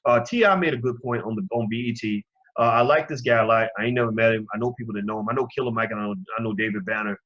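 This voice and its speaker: Male commentary host, husky, impassioned preacher-style delivery, muffled lo-fi sound. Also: on the low side, very fast, fairly bright tone. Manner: impassioned, preaching, direct address to listeners. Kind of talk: opinion commentary.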